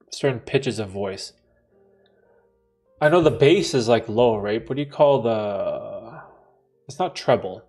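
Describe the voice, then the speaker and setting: A man's voice: mid-range voice, darkish tone, husky. Laid-back slangy male livestream host. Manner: laid-back slangy banter, frequent laughter. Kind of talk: casual livestream Q&A, reading chat aloud.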